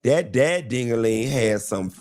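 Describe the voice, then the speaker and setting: Flamboyant male host of a live stream, sassy and playful, mid-pitched voice. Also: animated, darkish tone. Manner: flamboyant, sassy, drawn-out endearments; dramatic, playful rambling.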